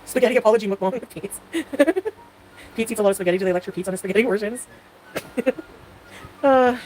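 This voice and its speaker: A woman's voice: mid-range voice, fairly quick, darkish tone, a little hiss or hum, low-quality recording. A woman hosting a live stream, answering chat commenters by name in a sarcastic, joking way and laughing often. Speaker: livestream host reading chat.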